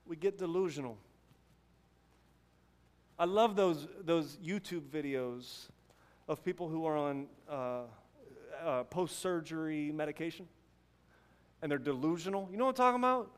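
A young man with a noticeably high voice delivers a sermon. He keeps it conversational, drifting into casual asides and rhetorical questions to keep listeners with him. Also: moderate pace, pauses often, smooth. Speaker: pastor.

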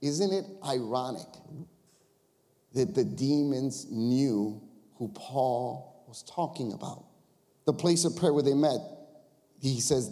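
Man, pastor, sermon, animated, conversational, rhetorical questions, long church reverb. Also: mid-range voice, slow.

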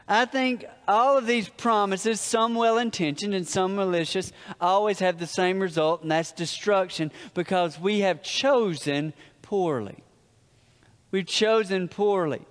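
Man, pastor, storytelling sermon, high clear voice, long church reverb. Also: fairly bright tone. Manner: storytelling preacher, drops low for punchlines.

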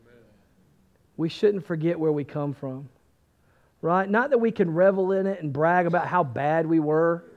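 High male pastor, animated sermon storyteller, muffled low-fi recording. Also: moderate pace. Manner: animated storytelling, swings from loud to hushed. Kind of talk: sermon with personal testimony.

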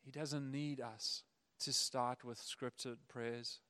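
A man preaching a sermon, animated, acting out the voices of the people in his stories. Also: medium pitch, slow pace. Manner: animated, acts out quoted voices. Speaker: pastor.

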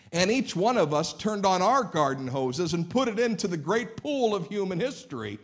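A man from Northeast Ohio preaching a sermon to a church congregation, telling animated stories and asking the listeners questions. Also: high voice. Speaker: pastor. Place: church sanctuary.

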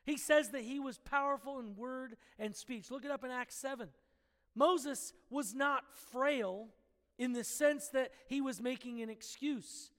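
A man's voice: very high-pitched, measured pace, a bit bright, in a large hall. A man preaching a sermon in an emphatic, conversational way, asking his listeners questions directly.

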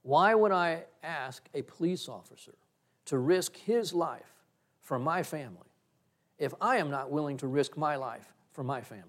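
A middle-aged male pastor preaching a sermon, telling a story with animated swings and sudden loud bursts. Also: fairly high pitch, moderate pace.

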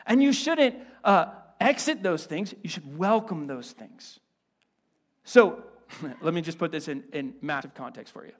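Pastor, male, fairly high voice; lively, chatty sermon delivery with joking asides. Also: measured pace. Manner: animated, conversational, playful asides. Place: church.

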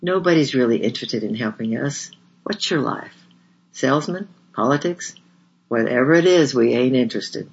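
A man playing a big, angry, brutish atheist who shouts and swears, in a slightly dull lo-fi recording. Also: mid-range voice, expressive, moderate pace, gravelly, slight background noise. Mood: hostile.

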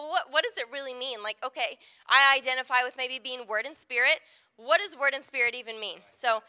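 Bright-voiced, high woman pastor preaching. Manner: conversational, frequent "right?" asides. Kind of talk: sermon.

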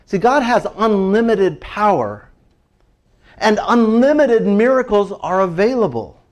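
A man preaching a casual, animated sermon, chatty and laughing often as he acts out little prayers. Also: high-pitched, a little slow. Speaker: pastor.

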